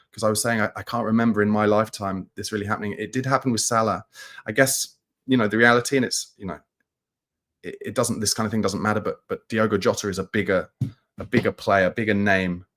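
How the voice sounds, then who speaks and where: Low-voiced man hosting a somber livestream. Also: fairly even intonation, a bit bright. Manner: somber, halting, with many restarts. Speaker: football channel host. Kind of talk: live-stream chat reading viewer comments.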